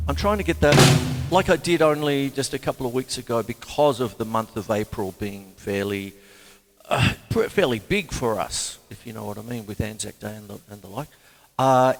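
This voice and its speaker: A man hosting a casual drum lesson, who talks in a rambling, chatty, self-deprecating way. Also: mid-range voice. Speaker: drum teacher and show host. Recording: long hall reverb, faint drums.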